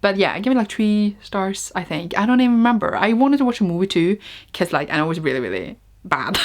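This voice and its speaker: A woman's voice: mid-range voice, very animated, a little fast. A woman with a Norwegian accent in a casual book review vlog, rambling and chatty with lots of "like", often laughing at herself. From Norway. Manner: self-mocking and giggly. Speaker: book vlogger.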